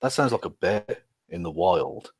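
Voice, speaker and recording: A man's voice: sits low, animated, normal speed, breathy edge, dry recording, studio quality. A man co-hosting a podcast, chatting sarcastically about a video and swearing a lot. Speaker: podcast co-host. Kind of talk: casual chat reacting to a video.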